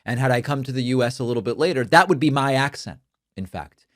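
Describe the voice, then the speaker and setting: Guy hosting a political commentary show, first language spanish, emphatic and argumentative, normal pitch, dry close sound. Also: animated, fast talker, a bit bright, dry recording.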